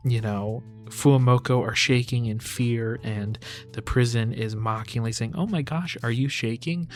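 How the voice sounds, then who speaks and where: A man giving a close-reading commentary on song lyrics, thoughtful and hedging, often saying "sort of" and "you know.". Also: mid-range voice. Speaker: host of a lyric analysis channel.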